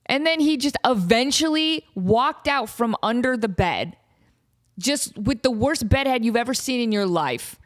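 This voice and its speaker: A woman's voice: on the high side, lively intonation, moderate pace, no room sound, studio quality. A woman hosting her own podcast, chatting casually and telling jokey stories with playful impressions. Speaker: podcast host. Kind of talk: casual solo podcast chat.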